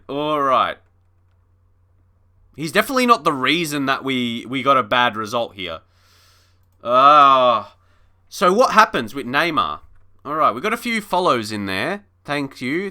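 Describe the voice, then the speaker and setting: A man's voice: fairly high pitch, sharp tone. A man commentating casually on a live stream of a football management game, chatty and mock-frustrated, laughing and talking to his chat.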